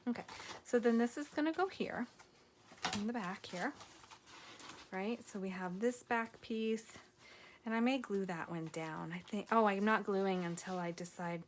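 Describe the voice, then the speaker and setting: A tired woman hosting a crafting video, chatting casually and softly, at times dropping to a whisper as she works. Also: mid-range voice, background noise. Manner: soft-spoken, drifts into whispers while working.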